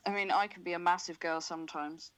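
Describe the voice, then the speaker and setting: A woman's voice: on the low side, steady tone, quick pace, a bit bright, rough recording. A woman co-hosting a podcast, talking in a crude, casual way with lots of swearing and laughter. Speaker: podcast co-host.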